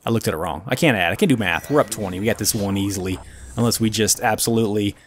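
A man giving casual, self-mocking commentary over his own gameplay, with excitable outbursts and muttering. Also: on the low side, fast, slight background noise. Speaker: gaming commentator.

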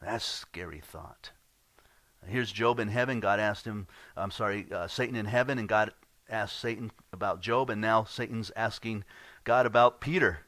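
A man's voice: on the low side, normal speed, pushed and bright, no echo. A man preaching a sermon as pastor, earnest and conversational, often repeating words as he goes.

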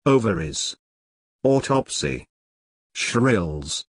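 A man reads isolated vocabulary words at a very slow, measured pace, pausing after each one. His voice is lowish and a little husky, with lively pitch from word to word. The recording is dry and close. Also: dry recording. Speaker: word list reader.

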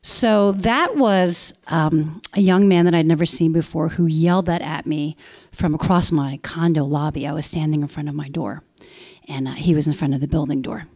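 A woman in her forties, an actress telling a personal story live on stage into a handheld mic, animated and bursting into loud quoted lines. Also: deep voice, moderate pace. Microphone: handheld stage microphone.

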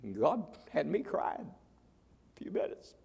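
A pastor preaching in a folksy way, with a gravelly, husky voice pitched a little high. His pitch swings widely, and he drops to near-whispers before climbing into loud, ringing peaks. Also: sing-song, a little slow. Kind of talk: sermon.

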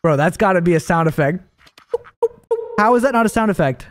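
A man doing a casual live-stream reaction, chatty and animated, now and then bursting into loud joking shouts. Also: sits high, brisk, no room sound, soft background music.

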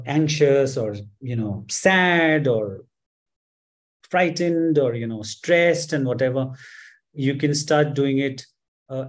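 A man leading a live-streamed stress management workshop, talking with many fillers and gently coaxing his viewers. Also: on the high side, rough recording. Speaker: workshop instructor.

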